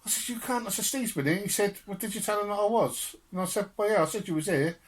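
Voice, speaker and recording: A man's voice: sits high, fast, slight background noise. A young man on a podcast telling family stories with laughter and swearing in casual chat. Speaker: podcast co-host.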